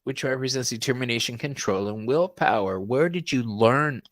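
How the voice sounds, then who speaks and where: A man's voice: mid-range voice, moderate pace, dry recording. Effusive man hosting a tarot chat. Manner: effusive and animated, laughs often. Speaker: tarot reader and host. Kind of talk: tarot reading interview on a live stream.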